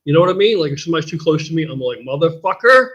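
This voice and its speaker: An older man talks on a live stream, rambling and swearing freely in a husky voice that sits a bit high for a man. The sound is dull and lo-fi. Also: very fast, darkish tone. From United States. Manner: blunt, profane and rambling. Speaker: host. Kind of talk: casual live-stream chat.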